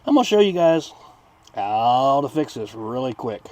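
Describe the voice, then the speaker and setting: Animated man chatting by an old car. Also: normal speed. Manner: chatty, folksy, jumps between high excited and flat monotone. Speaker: channel host. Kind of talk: casual car-restoration vlog.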